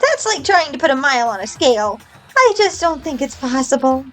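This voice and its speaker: A woman's voice: high voice, sing-song, brisk, a bit bright, soft background music, pitched above the performer's own voice. A woman voicing a smug, taunting bear mastermind. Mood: mocking. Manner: mocking, teasing taunts. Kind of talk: reading game dialogue aloud in voices.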